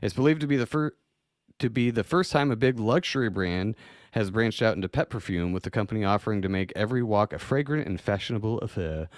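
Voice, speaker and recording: A man with a low voice hosts a casual podcast, swearing freely and chuckling between lines. He reads news items aloud in an offhand way. The sound is dry and close, with no room around it. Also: quick pace, dry recording. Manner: loose and profane, laughs often, reads news articles aloud. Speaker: podcast host.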